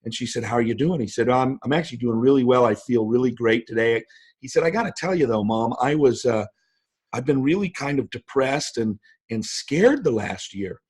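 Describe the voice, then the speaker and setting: Husky emphatic motivational speaker, man. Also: medium pitch, animated, fairly quick, darkish tone. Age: 50s. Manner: emphatic storyteller, voice jumps up for quoted lines. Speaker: guest speaker. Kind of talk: motivational interview talk.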